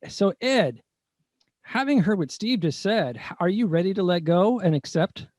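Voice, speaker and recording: A man's voice: high-pitched, animated, normal speed, darkish tone, no room sound, studio quality. A man moderating an online panel, steering the conversation playfully and handing the floor to a guest over a video call. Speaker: host, moderator.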